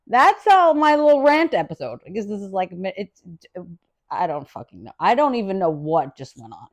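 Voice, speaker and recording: A woman hosting a podcast, telling a wild story in a casual, profane rant, swinging from loud and laughing to low, quiet asides. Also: big pitch swings, brisk. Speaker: podcast host.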